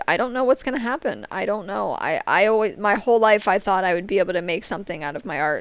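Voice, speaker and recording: A woman's voice: medium pitch, expressive, quick pace, hardly any pauses, no echo. A woman in her late twenties, talking to camera in a casual vlog, frank and rambling, circling back over her words as she vents. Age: late 20s. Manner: frank, rambling, restarts often, frustrated about social media. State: on the verge of tears. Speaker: vlogger.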